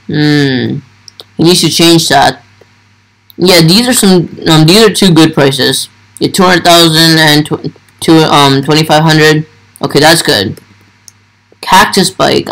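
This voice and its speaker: A man's voice: on the high side, a bit bright, poor audio. A man giving casual gameplay commentary, thinking aloud and talking to his viewers as he plays. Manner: thinks aloud while playing, talks to viewers. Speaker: gaming YouTuber.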